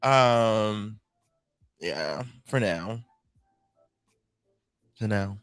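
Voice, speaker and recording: Laid-back man with a lively voice. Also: on the low side, drawn-out words, smooth, dry recording. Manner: laid-back, laughing asides, quotes movie lines. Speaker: podcast co-host. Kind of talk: casual podcast chat.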